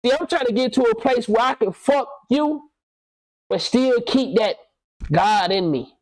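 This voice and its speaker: A man's voice: very high voice, lively intonation, unhurried, rough recording. A man in his thirties holds forth in a loose podcast chat. He is blunt and preachy, drops curse words freely and lectures the listener. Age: 30s. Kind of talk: casual podcast conversation.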